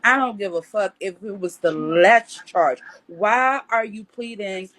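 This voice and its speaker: A woman's voice: mid-range voice, measured pace, fairly bright tone, rough recording. A woman talking as a guest on a casual livestream, bluntly and indignantly, with frequent swearing.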